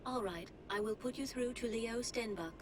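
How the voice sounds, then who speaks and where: An actress playing the calm onboard AI of a mecha in a video game, giving formal status reports in an even tone. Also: female voice, fairly high pitch, moderate pace, a crowd in the background, natural voice.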